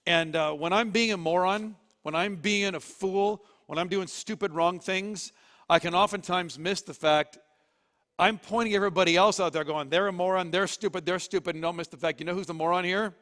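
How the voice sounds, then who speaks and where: A man's voice: sits high, moderate pace, a bit bright. A man preaching a sermon, retelling a story animatedly and with jokes. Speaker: pastor. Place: church auditorium. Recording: long reverb of a church hall.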